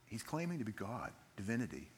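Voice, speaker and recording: A man preaching a sermon, telling a Bible story in an animated way and acting out its scenes as he goes. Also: on the low side, a little fast, slightly rough.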